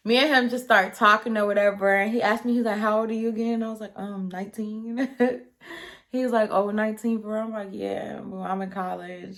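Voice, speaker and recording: A young woman recounts a story in a casual vlog, talking straight to her viewers. Her voice sits at a medium pitch, and she keeps things chatty and animated, acting out what people said and laughing along the way. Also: moderate pace. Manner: chatty and animated, acts out quotes, laughs often.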